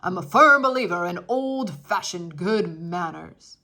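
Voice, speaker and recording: Pompous booming older man, stern, loud and lower, a woman reading aloud. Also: expressive, measured pace, heavily acted. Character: pompous older male dinner guest. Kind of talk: children's book read-aloud.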